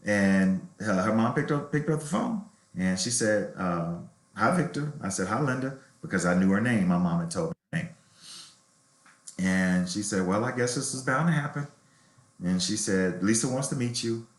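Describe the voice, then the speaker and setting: A middle-aged man with a low voice tells a personal story candidly and reflectively. His voice carries a roomy echo, as in an interview recorded in an open room. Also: normal speed. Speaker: novelist guest.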